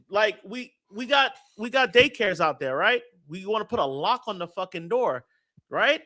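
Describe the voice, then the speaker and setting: A man hosting a casual fan-show chat, talking in a high voice with a bright, forceful edge. He is animated and profane, and he reads viewer comments aloud as he riffs. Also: normal speed. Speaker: podcast host.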